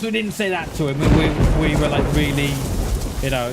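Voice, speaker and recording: A man's voice: fairly high pitch, normal speed. A man chatting casually while streaming a game, rambling along with frequent chuckles and self-mocking asides. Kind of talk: casual livestream chat while gaming. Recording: noisy background.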